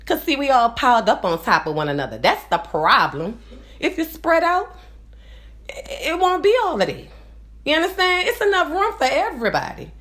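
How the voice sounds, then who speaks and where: Here a forties-aged woman from New Orleans, USA, vlogs in a casual, meandering monologue, her high voice swinging widely in pitch at a moderate pace. Her nasal accent marks her hometown, and she repeatedly asks viewers "you understand?", her volume rising and dropping.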